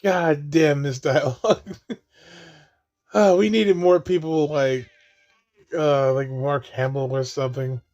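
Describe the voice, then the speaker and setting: A man's voice: a little high, steady tone, slow, long pauses, darkish tone, no room sound, dull audio. A man giving casual watch-along commentary on a movie, laughing often and swearing freely as he riffs jokes.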